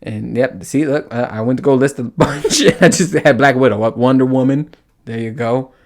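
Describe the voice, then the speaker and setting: A man hosting a podcast on his own, telling a story in a casual, profane, animated way and laughing as he goes. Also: medium pitch, normal speed. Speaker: podcast host. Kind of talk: casual solo podcast monologue.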